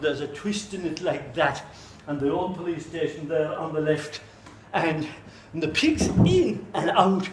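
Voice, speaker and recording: A man with an Irish accent telling a folk tale live in an animated way, full of comic asides. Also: a little high, roomy sound, slight background noise, poor audio. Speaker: storyteller.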